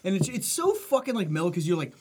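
A young man in casual podcast banter, telling profane stories in an animated way. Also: sits high, fast, slightly rough.

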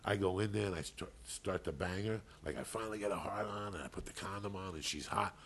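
A man's voice: deep voice, fast, a bit bright, a little hiss or hum. A man co-hosting a podcast, telling a long story in a casual, profane, rambling way. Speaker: podcast co-host.

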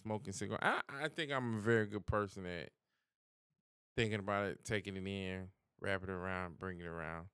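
A man's voice: sits low, moderate pace, fairly bright tone, clear, resonant tone, no echo, studio quality. A man co-hosting a podcast, talking in an easygoing casual chat and swearing freely. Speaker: podcast co-host.

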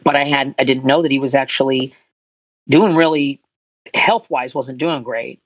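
Male voice actor, earnest rambling talker, medium pitch, dry recording. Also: moderate pace, no room sound, low-quality recording. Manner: rambling, restarts often, earnest. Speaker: voice actor guest. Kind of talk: casual interview chat.

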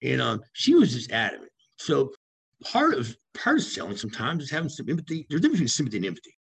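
Gravelly, husky man telling stories fast. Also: mid-range voice. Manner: animated storyteller who acts out voices. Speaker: home sales veteran, podcast co-host. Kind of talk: casual storytelling chat.

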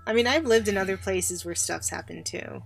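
A chatty woman podcast host recounts a spooky tale at an average pitch, switching voices when she quotes people. Soft music plays faintly underneath. Her delivery is casual and conversational. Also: a little fast, vocal fry. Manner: chatty, animated when quoting others. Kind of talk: casual storytelling chat.

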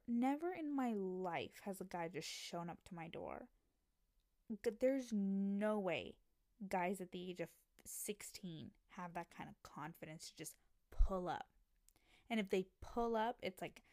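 A young adult woman hosting a podcast, chatting casually and telling stories in an excitable, animated way, acting out quoted voices. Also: medium pitch, moderate pace, no room sound, clean studio sound. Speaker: podcast host. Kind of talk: casual chat.

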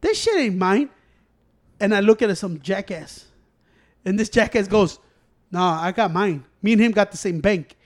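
A man with a high voice tells a story in loose, profane casual chat. He acts out his own quotes and what others said as he goes. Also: normal speed.

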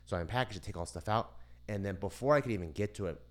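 Profane, animated man telling a story. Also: on the low side, rapid-fire. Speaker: podcast co-host. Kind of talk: casual chat, storytelling.

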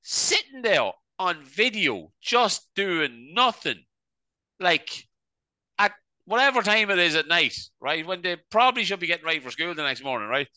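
Animated bright-voiced podcast host. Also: male voice, high voice, normal speed, dry recording. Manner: rambling, peppers speech with "right?". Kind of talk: casual comedy podcast chat.

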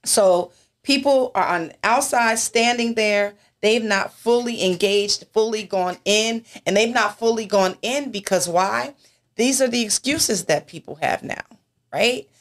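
A woman's voice: a little high, measured pace. A woman minister in a church talk discussion, speaking emphatically and asking rhetorical questions.

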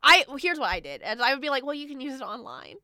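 A woman chatting casually about retail work, telling animated stories and acting out customers. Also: fast talker, dry recording, studio quality. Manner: animated storyteller, acts out customers in high voices. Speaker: former retail store worker. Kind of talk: casual chat.

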